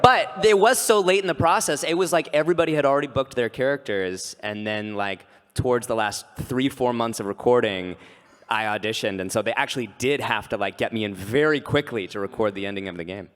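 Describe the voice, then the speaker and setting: A man's voice: mid-range voice, fairly quick, a bit bright. Casual man on a hall panel. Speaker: voice actor on a panel. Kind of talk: convention panel chat. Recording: roomy hall reverb.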